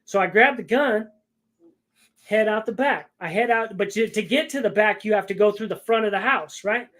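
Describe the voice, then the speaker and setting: A man with a high-sitting, slightly bright voice tells a long story at a normal speed in casual chat. He rambles and keeps stopping to check in with the listener by asking "right?".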